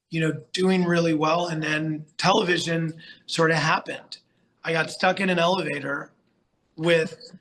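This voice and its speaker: A middle-aged man tells stories as a podcast guest, rambling and animated with plenty of fillers. His voice sits a little high and sounds bright and forceful. He comes from the United States. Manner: chatty, animated storyteller with many fillers and restarts. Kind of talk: casual storytelling interview.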